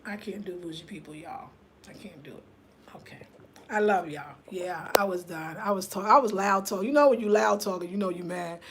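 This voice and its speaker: A woman, hosting a casual livestream rant, telling an animated story straight to her viewers and reading their comments aloud. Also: lowish voice, normal speed, noisy background. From United States. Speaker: host.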